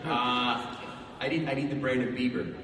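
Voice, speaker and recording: A man's voice: medium pitch, fairly even intonation, normal speed, very noisy. A man answering fan questions on a convention panel, laughing at himself and stumbling over his words. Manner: self-deprecating, stumbling, laughing. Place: large convention hall. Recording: echoey convention hall from far off, loud crowd.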